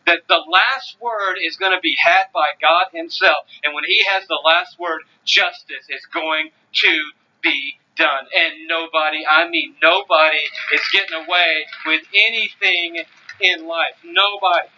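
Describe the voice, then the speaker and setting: A man's voice: a little high, unhurried, pushed and bright, muffled recording. A man preaching a sermon, emphatic and driving, repeating phrases for stress. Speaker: pastor.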